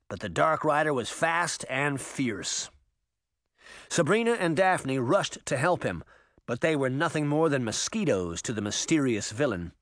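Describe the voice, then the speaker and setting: A man giving an expressive, dramatic audiobook narration. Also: mid-range voice, no echo, studio quality. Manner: dramatic, animated reading.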